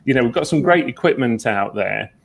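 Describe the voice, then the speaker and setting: A man, a psychic medium guest, telling stories earnestly in a relaxed interview, with many fillers. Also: mid-range voice, a little fast, gravelly. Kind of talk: conversational interview.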